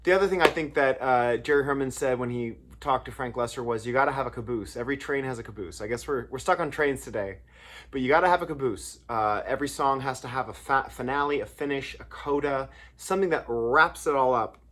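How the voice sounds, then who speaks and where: A man of middling pitch talks through songwriting craft in a loose, anecdotal way. He circles back on himself often, with fillers and restarts, like someone thinking aloud. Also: a little fast, a bit bright. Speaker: songwriter and lyricist. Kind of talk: casual talk on songwriting craft.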